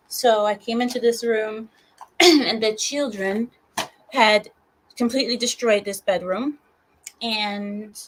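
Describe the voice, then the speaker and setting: A woman hosting a casual livestream from a guest room at home, chatting with deadpan mock-stern jokes and apologetic asides. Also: mid-range voice, poor audio. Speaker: livestream host.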